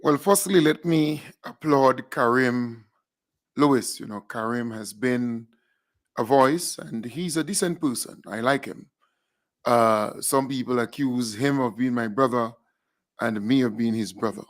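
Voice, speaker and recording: A man's voice: mid-range voice, unhurried. Chatty man co-hosting a live show. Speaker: co-host. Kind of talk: casual live chat.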